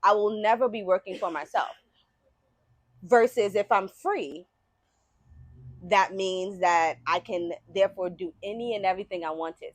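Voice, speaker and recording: A woman's voice: on the low side, fairly bright tone, no room sound. A woman author at a book signing, telling a personal story to an audience in a conversational way, often checking in with "right?".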